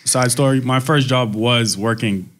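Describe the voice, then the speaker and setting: A man in his thirties from Boston chatting casually, telling a quick story. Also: medium pitch, a bit bright. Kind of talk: casual chat.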